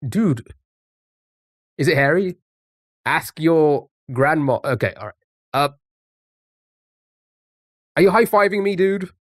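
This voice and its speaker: A man's voice: fairly high pitch, lively intonation, takes it slowly, pauses often, no echo, studio quality. A man streaming live, chatting casually with viewers and thinking aloud while guessing words. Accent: non-American English.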